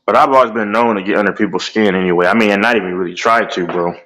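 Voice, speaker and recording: Animated man venting about sports. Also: fairly low pitch, rapid-fire, rough recording. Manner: animated, repeats "bro" often. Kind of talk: heated casual sports chat.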